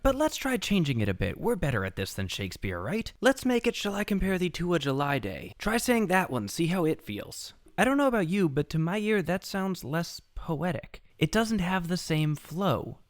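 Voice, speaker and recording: A man's voice: high-pitched, normal speed, hardly any pauses, dry recording, clean studio sound. A man hosting a music theory lesson, giving scripted explainer narration with playful asides. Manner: lively, animated delivery with playful asides. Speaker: music educator host.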